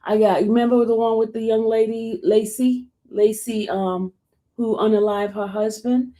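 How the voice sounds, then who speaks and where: A woman hosting a casual livestream, chatting and answering viewer comments in an expressive way. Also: a little high, normal speed. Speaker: livestream host covering court cases. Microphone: streaming setup.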